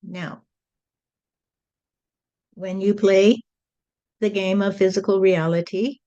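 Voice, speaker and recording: Woman channeling a spirit, calm and repetitive, says "you see" a lot, kinda dull recording. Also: mid-range voice, slow pace.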